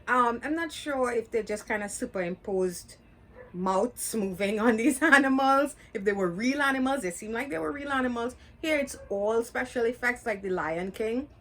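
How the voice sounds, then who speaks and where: A woman's voice: fairly high pitch, moderate pace, a bit bright. Chatty woman reviewing a movie. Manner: chatty, candid, with filler words and restarts. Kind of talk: casual spoken review.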